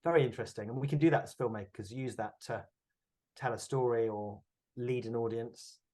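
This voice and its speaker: A man's voice: mid-range voice, fairly quick, dark tone. A man with a Bristol accent talks through an interview in a middle-range voice. He reflects aloud and stumbles over repeated words as he gathers his thoughts. He sounds like an actor chatting about his work. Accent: West Country English, Bristol. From England. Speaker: actor and producer, interview guest. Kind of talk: conversational interview.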